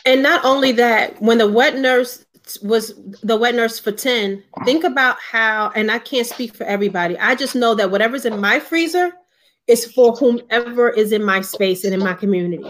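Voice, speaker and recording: A woman's voice: on the high side, normal speed, fairly bright tone. A woman co-hosting a casual online discussion, speaking earnestly in a conversational way. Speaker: co-host.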